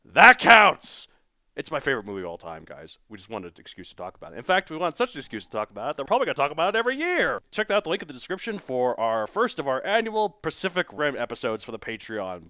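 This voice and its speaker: Animated, joking male podcast host. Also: medium pitch, fast, hardly any pauses, no room sound. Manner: jokey, playful, self-mocking. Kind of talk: casual podcast chat.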